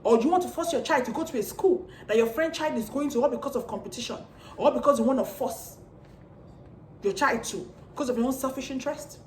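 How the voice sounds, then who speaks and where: A woman with a high voice lectures parents straight to camera, firing the same pointed rhetorical questions again and again. The sound is roomy, with her voice echoing off bare walls. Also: slight background noise. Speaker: parenting vlogger. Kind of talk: preachy monologue to parents. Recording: echoey room.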